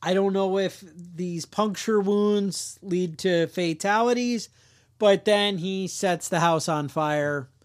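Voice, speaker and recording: Jokey high-voiced guy telling a crime story. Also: slow. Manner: jokey, rambling, acts out quotes. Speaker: podcast host. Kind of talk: casual true-crime storytelling.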